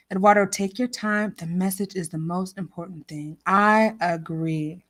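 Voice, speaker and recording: A woman's voice: on the low side, steady tone, unhurried, hardly any pauses. A woman hosting a casual livestream chat, laughing often and reading out viewer comments with lots of emotion. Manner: reads out viewer comments and names. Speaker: livestream host.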